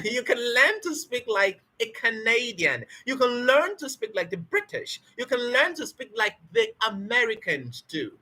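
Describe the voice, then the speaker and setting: A woman with a bright, fairly high voice gives an emphatic spoken-English lesson. Her pitch swings widely as she drills key words and throws out rhetorical questions. Her tone is slightly breathy. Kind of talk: motivational teaching talk.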